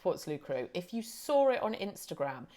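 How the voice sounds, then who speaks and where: A woman's voice: lowish voice, very animated, moderate pace, warm tone. A woman from the UK co-hosting a podcast, telling stories in casual chat and laughing often. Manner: chatty storyteller, laughs often. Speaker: podcast co-host.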